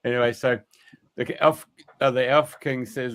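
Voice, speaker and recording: A man's voice: medium pitch, steady tone, normal speed. A man telling a rambling anecdote on a radio talk show, colloquial and full of fillers. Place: radio studio.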